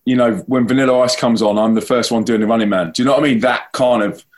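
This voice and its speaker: A man's voice: mid-range voice, fairly even intonation, fast. A man with a London accent, an evangelist and band frontman, chatting casually and upbeat in an interview, with lots of restarts.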